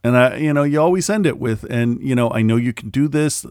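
A man's voice: medium pitch, fairly quick, a little mellow, smooth, no room sound, clean studio sound. A middle-aged man in casual chat, ranting with lots of swearing and mimicking people he quotes.

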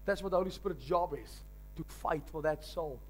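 A man's voice: fairly high pitch, moderate pace, a little hiss or hum. A man preaching a sermon, telling stories with emphatic delivery. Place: large church hall. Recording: long hall reverb with faint music.

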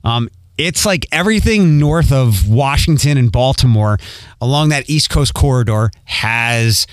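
A man's voice: mid-range voice, expressive, unhurried, smooth, no echo. A man from Philadelphia with a light Philadelphia accent, hosting a podcast in a rambling, casual monologue with many ums. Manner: rambling, with frequent ums and repeats. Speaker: podcast host.

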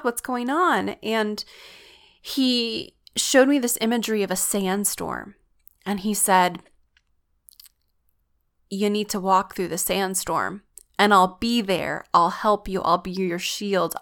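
A woman's voice: medium pitch, fairly bright tone. A worn-out, stressed woman talking earnestly and confidingly about her struggles in a personal vlog.

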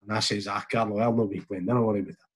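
A man's voice: on the low side, fairly even intonation, very fast, husky. A middle-aged Scottish man, a former footballer, telling a rambling anecdote with chuckles, acting out what others said. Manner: rambling, chuckling, quotes others in reported speech. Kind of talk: casual anecdotal storytelling.

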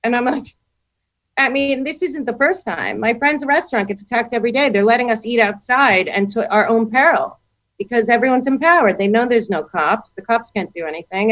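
A woman's voice: a little high, a little fast, lo-fi sound. A woman from New York City, telling a story in casual chat and acting out the dialogue. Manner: animated storytelling, acts out dialogue.

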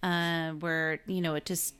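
A woman with a Midwestern American accent, co-hosting a movie podcast in a soft-spoken, halting, casual way. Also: deep voice, level tone, clear, resonant tone. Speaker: podcast co-host. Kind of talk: casual movie review chat.

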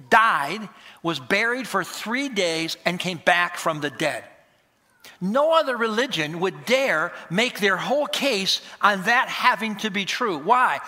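An animated male pastor preaches a sermon with lots of emphasis. His voice sits high and sounds bright and forceful, and he often slips into short acted conversations. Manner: animated, emphatic, acts out dialogues.

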